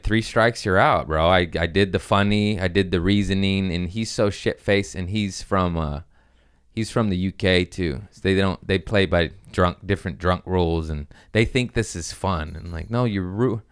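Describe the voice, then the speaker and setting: Man, podcast host, very deep voice, resonant, casual profane storytelling. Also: a little slow, smooth. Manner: profane, rambling, animated storytelling.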